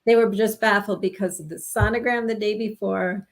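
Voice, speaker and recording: A woman in her sixties from New York, telling a personal story in an interview, earnest and halting with frequent restarts. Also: mid-range voice, fairly even intonation. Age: 60s. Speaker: guest telling her experience.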